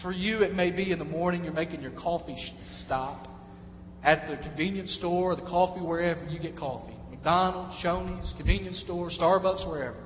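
A man's voice: on the high side, normal speed, slight background noise. A man preaching a sermon in a conversational way, now and then acting out the voices of people he quotes. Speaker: pastor. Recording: echoey hall, dull lo-fi sound.

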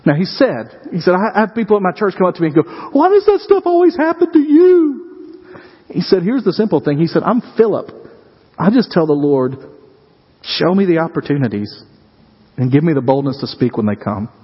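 A man preaching a sermon, telling stories in a conversational way and asking the congregation questions. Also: a little high. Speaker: pastor. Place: church sanctuary. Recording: dull sound with long reverb in a hall.

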